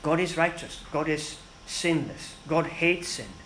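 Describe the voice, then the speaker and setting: A man preaching a sermon in an earnest, emphatic way, with dramatic pauses between phrases. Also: a little high, expressive, a bit bright, a little hiss or hum, rough recording.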